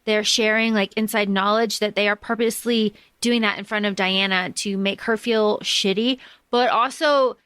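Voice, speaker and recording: A woman's voice: mid-range voice, fairly even intonation, normal speed, fairly bright tone, smooth, no room sound. A woman co-hosting a book podcast, chatting casually with lots of fillers and the odd swear. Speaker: podcast co-host.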